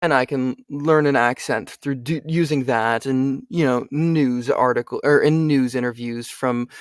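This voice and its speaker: Guest slot: young male voice actor, animated and chatty, dry close recording. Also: mid-range voice, a little slow, no echo. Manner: animated, chatty, frequent fillers. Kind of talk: casual interview chat.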